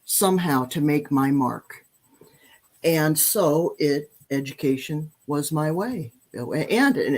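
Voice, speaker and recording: A woman in her sixties, a podcast guest who tells lively, self-deprecating stories and often restarts her sentences. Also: low voice. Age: 60s. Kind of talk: storytelling in conversation.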